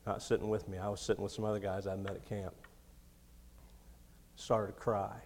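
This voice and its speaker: A man in his thirties preaching a sermon in a storytelling way, laughing often and swinging between quiet, close moments and loud ones. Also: fairly low pitch, level tone, normal speed. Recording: long hall reverb.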